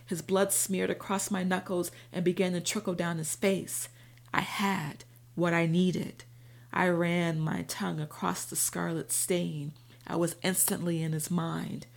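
A woman narrating a first-person audiobook in a steady, even storytelling manner. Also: on the low side, measured pace, gravelly.

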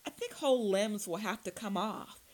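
A woman's voice: medium pitch, lively intonation, moderate pace, darkish tone, close to an everyday voice. A woman voicing a cocky male vampire hunter who cracks corny jokes at his prisoner. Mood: mock praise. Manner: mocking, jokey.

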